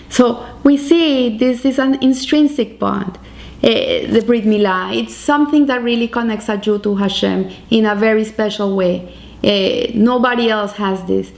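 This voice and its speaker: A woman gives a weekly Torah portion sermon, telling a story earnestly. Her fairly high voice climbs on emphatic points. She speaks in a plain, teaching manner. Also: unhurried, creaky, darkish tone.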